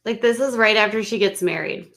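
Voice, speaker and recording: Woman streamer, casual commentary, snarky and exasperated, mid-pitched voice. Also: fairly quick, gravelly, fairly bright tone. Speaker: livestream commentator.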